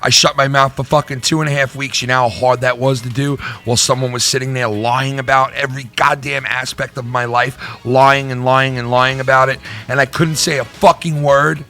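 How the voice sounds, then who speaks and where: Faint music sits under a middle-aged YouTuber's mid-range voice, which is bright and forceful with fairly even intonation. He rants briskly to his viewers, with few pauses, heated swearing, and lots of repetition.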